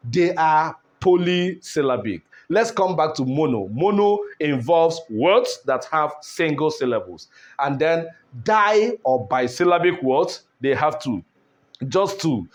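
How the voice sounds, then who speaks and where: A man teaching an online English pronunciation lesson, speaking deliberately, repeating words and asking "all right?" as he goes. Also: on the high side, lively intonation.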